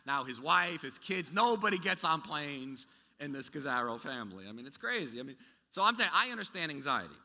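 A man's voice: fairly high pitch, big pitch swings, a little fast, bright, forceful tone. A man preaching a sermon as pastor, talking in a conversational way with many restarts and asides. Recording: echoey hall with long reverb.

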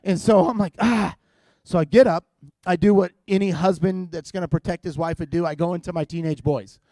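A middle-aged man preaching in a comic storytelling way, self-deprecating and full of halting restarts. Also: sits high, steady tone, mellow, dry recording, studio quality. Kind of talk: comedic sermon storytelling.

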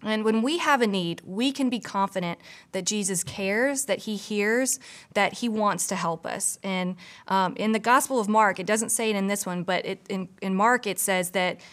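A woman's voice: medium pitch, normal speed, fairly bright tone. Eager woman giving a devotional talk. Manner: earnest and enthusiastic, with frequent "you know" asides. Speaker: church pastor or staff member. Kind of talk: conversational devotional teaching.

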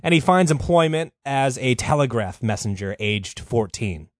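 A man's voice: medium pitch, lively intonation, normal speed, dry recording, clean studio sound. A man hosting a podcast, telling a history story in a loose, profane, rambling way with lots of fillers. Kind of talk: casual comedic storytelling.

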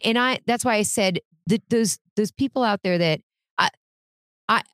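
A woman's voice: mid-range voice, dry recording. A woman co-hosting a casual podcast chat, talking earnestly and frankly. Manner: earnest and frank, many restarts. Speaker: podcast co-host.

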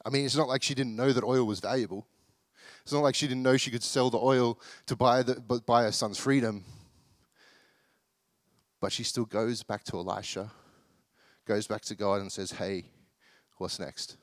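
A man's voice: medium pitch, steady tone, normal speed, pauses often, no room sound, studio quality. A young man giving a casual, joking sermon, acting out the people in a Bible story as he reads. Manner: chatty, self-deprecating, acts out the people in the story.

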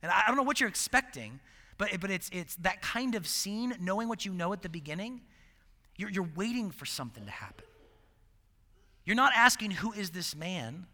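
Guy preaching a sermon, high bright voice, chatty and animated, gets loud then drops to a hush, long hall reverb. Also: fairly quick. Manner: conversational, animated, swings between loud and hushed.

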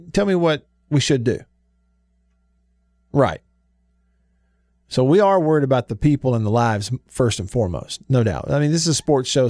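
A man's voice: on the high side, a little mellow, no room sound, clean studio sound. Folksy man hosting sports radio. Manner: folksy, chatty, with drawn-out emphasis. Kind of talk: casual sports talk radio. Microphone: studio microphone.

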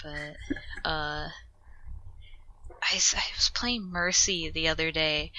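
A woman's voice: sits low, steady tone, slow pace, pushed and bright, poor audio. A woman co-hosting a casual podcast, telling rambling, giggly stories about her games. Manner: rambling, giggly gamer storytelling. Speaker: podcast co-host.

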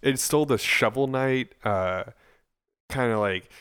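A man's voice: mid-range voice, a little slow, fairly bright tone, smooth. A young man co-hosting a casual podcast, explaining things in a keen, matter-of-fact way. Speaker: podcast co-host. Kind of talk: casual chat.

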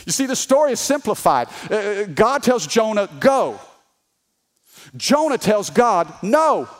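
A man preaching a sermon as a pastor, animated and humorous, reading scripture aloud and calling on the congregation to answer. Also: sits high, moderate pace. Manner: reads scripture aloud with voiced characters.

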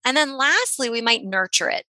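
Woman therapist talking thru a technique, gentle and encouraging, bright voice, dry close sound. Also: fairly high pitch, expressive, normal speed, no echo, rough recording. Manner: gentle, encouraging, repeats words, many "you know"s. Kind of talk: conversational instructional talk.

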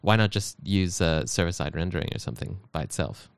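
A man's voice: low voice, animated, brisk, gravelly, smooth, dry recording, studio quality. A man co-hosting a podcast, chatting casually and joking with many fillers. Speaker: podcast co-host. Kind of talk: casual tech chat.

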